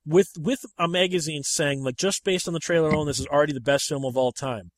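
A man with a somewhat high voice chats casually about movies, animated and emphatic. His pitch jumps up when he presses a point. The sound is close and dry, with no room around it. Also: quick pace, no echo.

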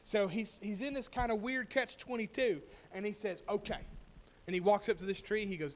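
A man's voice: high voice, a little fast. A man preaching a sermon, telling a story and building to emphatic, rising points. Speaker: pastor.

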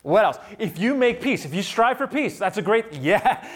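A man delivering a sermon as a pastor, swinging from loud emphatic peaks to quiet asides and putting rhetorical questions to the congregation. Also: high voice, very animated, normal speed, slightly rough. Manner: asks the audience rhetorical questions.

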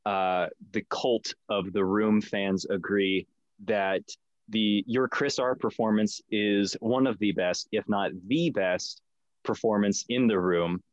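A man's voice: fairly low pitch, fairly even intonation, slow, dry recording, lo-fi sound. An eager man co-hosting a podcast, chatting with a guest. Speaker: podcast co-host. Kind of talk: casual podcast chat.

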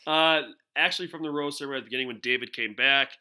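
A man's voice: mid-range voice, rapid-fire, sharp tone, clean tone. A young man co-hosting a podcast, chatting in a laid-back way, laughing often and acting out quotes. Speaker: podcast co-host. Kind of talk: casual chat.

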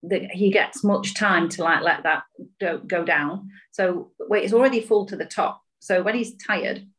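A woman who is a podcast guest, talking in a thoughtful, measured and empathetic way. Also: lowish voice, poor audio. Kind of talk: reflective conversational chat.

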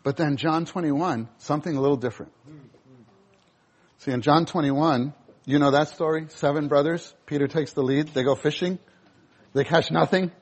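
A male preacher giving a sermon, animated, acting out scenes in voices. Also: on the high side, normal speed, breathy edge.

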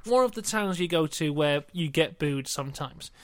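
A man's voice: on the high side, expressive, normal speed. A young British man co-hosting a casual wrestling review podcast, recapping matches with playful quoted asides. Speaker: podcast co-host.

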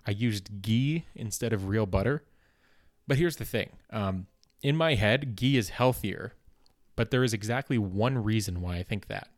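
Young male podcast host, low-ish voice, self-mocking deadpan delivery, dead-dry close mic. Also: no room sound. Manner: dry, self-deprecating rambling. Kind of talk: comedic solo podcast monologue.

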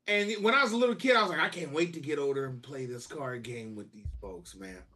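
A man's voice: mid-range voice, expressive, fast talker, bright, forceful tone. A man co-hosting a podcast, telling fond family memories in casual chat, laughing and singing snatches of song. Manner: fond, sings bits of songs, laughing. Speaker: podcast co-host.

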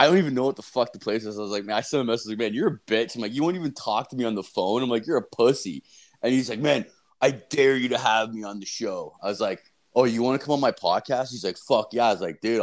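A young man co-hosting a casual podcast, swearing constantly and laughing as he acts out stories. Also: medium pitch. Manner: profane, laughing storyteller acting out exchanges. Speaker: podcast co-host.

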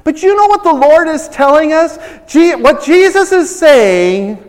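A man delivers a dramatic sermon, pausing on rhetorical questions. His voice sits high and swoops widely while he takes his time. The sound carries a long reverb from a big hall. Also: expressive. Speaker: pastor.

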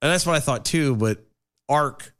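A man in his thirties co-hosting a radio show, casual and joking, quick to laugh. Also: on the high side, a bit bright.

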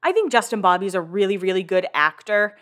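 A woman's voice: medium pitch, big pitch swings, a little fast, fairly bright tone. A woman hosting a casual recap podcast, chatty and filler-heavy, with the odd swear word. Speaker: podcast host.

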